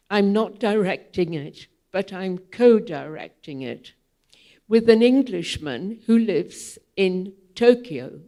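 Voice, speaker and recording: An older woman with a gravelly, creaky voice tells anecdotes to a theatre audience. She talks slowly and wanders from point to point, with frequent ums. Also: medium pitch, warm tone. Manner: unhurried, digressive, with frequent ums. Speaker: guest speaker at a theatre panel. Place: theatre hall, public event.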